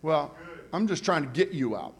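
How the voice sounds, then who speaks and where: A middle-aged man preaching a sermon in a church, mixing jokey conversational asides with shouted, rising calls to the congregation. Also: on the high side, sing-song, normal speed, gravelly. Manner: preaching with call-and-response, building to shouts. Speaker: pastor. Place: church sanctuary.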